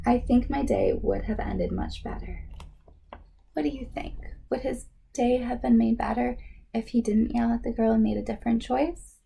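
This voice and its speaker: Woman, high voice, slow, husky, gravelly, children's story read-aloud. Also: a little hiss or hum. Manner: slow and expressive, voicing the characters. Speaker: storyteller reading a picture book aloud.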